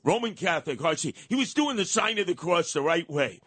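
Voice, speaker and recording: An older man telling gossipy stories on talk radio, acting out the people he quotes with loud, high exclamations. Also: big pitch swings, a little fast, breathy edge, no room sound.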